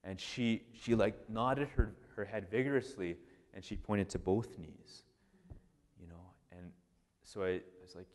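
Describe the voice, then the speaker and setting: A man, a priest, giving a casual, animated storytelling talk full of restarts and "like". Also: fairly low pitch, unhurried. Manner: animated, conversational, many restarts and "like". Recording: long hall reverb.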